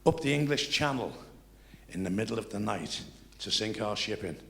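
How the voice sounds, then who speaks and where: A man's voice: lowish voice, animated, moderate pace, vocal fry, pushed and bright. An older man telling rambling stories to a live audience, chatty and full of restarts. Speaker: comedian. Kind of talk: live stand-up storytelling.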